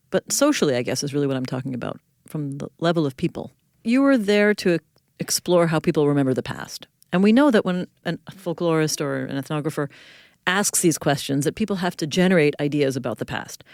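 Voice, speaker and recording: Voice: medium pitch, darkish tone, dry recording. Podcast host: mid-range voice, dry sound, chatty and probing. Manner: conversational, probing, jokey asides. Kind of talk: podcast interview questions.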